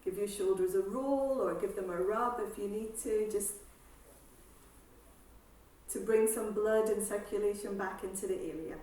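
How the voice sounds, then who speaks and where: A woman exercise instructor calmly guiding a seated breathing class, with slow breath cues and counting. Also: mid-range voice. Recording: echoey room, voice from far off.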